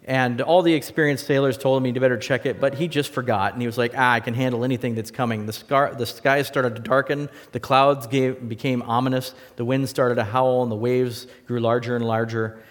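A man's voice: mid-range voice, steady tone, normal speed, hardly any pauses. Man preaching in an echoing hall. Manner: earnest, rises in emphasis and drops soft. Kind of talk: sermon with closing prayer.

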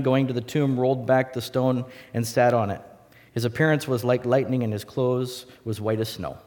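A man preaching a sermon to a congregation, telling stories in a lively way and acting out the voices. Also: medium pitch, long reverb tail. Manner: animated storytelling, acts out voices.

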